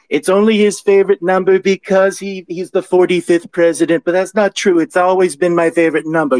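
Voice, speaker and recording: A man's voice: sits high, a little mellow, no room sound, close to an everyday voice, poor audio. A man impersonating a boastful older male politician who rambles, praises himself and repeats his phrases. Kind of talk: impression in an online audio room.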